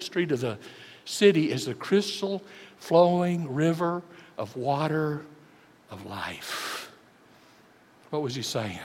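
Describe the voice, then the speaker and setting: Dramatic preacher in a reverberant hall. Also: male voice. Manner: dramatic, swinging between booming and hushed. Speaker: pastor. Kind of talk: sermon. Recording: long church hall reverb.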